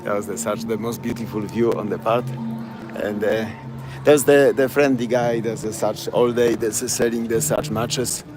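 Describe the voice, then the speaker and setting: A man's voice: on the low side, steady tone, normal speed, over music. A man with a Polish accent leading a walking tour in broken, chatty English, repeating place names as he goes. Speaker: tour guide. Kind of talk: live-streamed walking tour. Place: outdoors on city streets at night. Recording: street noise behind.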